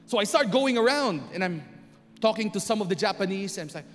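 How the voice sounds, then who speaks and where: A man's voice: sits high, fast. A middle-aged man, telling a personal story to an audience and acting out the scenes. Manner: animated, acts out scenes and voices. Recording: long reverb with music behind.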